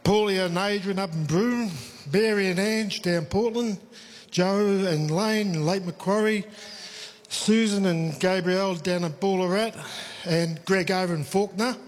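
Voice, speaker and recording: A man, a radio listener at a live event, speaking emotionally and haltingly. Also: high-pitched. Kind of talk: casual chat.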